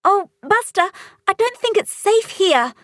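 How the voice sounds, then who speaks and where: A woman voicing a young girl witch in a storybook reading, speaking high and urgently. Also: big pitch swings, a little slow, a bit bright, dry recording, clean studio sound, heavily acted. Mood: anxious.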